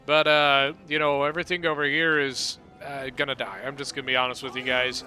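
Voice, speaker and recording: Bright-voiced man narrating a strategy game. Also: medium pitch, a little fast, soft background music. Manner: relaxed rambling play-by-play, self-correcting. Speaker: game commentator. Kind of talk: casual gameplay commentary.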